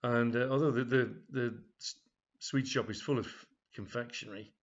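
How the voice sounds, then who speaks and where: A man's voice: medium pitch, steady tone, normal speed. Rambling man telling a comic tale. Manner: rambling, with frequent fillers and "of course". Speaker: author reading his own comedy story. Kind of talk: storytelling, loose and conversational. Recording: dull lo-fi recording.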